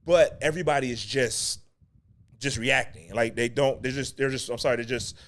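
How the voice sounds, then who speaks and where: A man coaching actors in a loose, conversational monologue, animated and chatty with frequent restarts. He keeps circling back to repeat his main points and breaks into short laughs between them. His voice sits at an ordinary middle pitch. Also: moderate pace. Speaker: acting coach and show host. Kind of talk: casual spoken teaching monologue.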